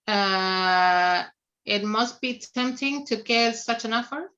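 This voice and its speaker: Slow, bright-voiced female student on dull audio. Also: on the high side. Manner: hesitant, self-correcting.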